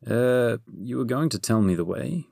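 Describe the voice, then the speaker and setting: A man voicing a nervous, fussy male wizard in an audiobook, hesitant and full of little pauses. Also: mid-range voice, lively intonation, gravelly, dark tone, dry recording, clean studio sound, pitched above the performer's own voice. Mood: fidgety. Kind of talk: audiobook character voice.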